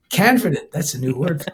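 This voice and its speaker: Medium-pitched and a little mellow, this older man from Canada, a rock band's vocalist and keyboardist, is a guest on a podcast. The talk is casual, full of rambling, restarts and easy laughter.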